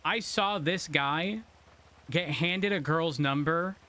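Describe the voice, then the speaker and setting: A man's voice: a little high, slow, sharp tone. A man playing a police officer in an online roleplay, talking hesitantly with many fillers and restarts. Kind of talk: in-character roleplay chat.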